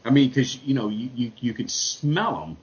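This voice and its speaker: A man's voice: mid-range voice, sing-song, normal speed. A man on a call-in radio show, rambling casually with many fillers, restarts and folksy grammar. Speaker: guest describing a Sasquatch sighting. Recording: dull lo-fi radio audio.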